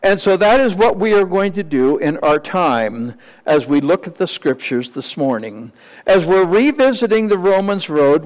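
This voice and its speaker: A male pastor preaching a Sunday morning sermon in a measured, teacherly way, with small asides to the congregation. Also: a little high, a little mellow, in a large hall, low-quality recording.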